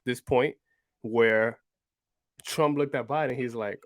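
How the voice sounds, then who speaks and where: A man's voice: medium pitch, moderate pace, long pauses, no room sound, clean studio sound. A man co-hosting a casual political podcast, talking loosely and asking rhetorical questions. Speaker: podcast co-host.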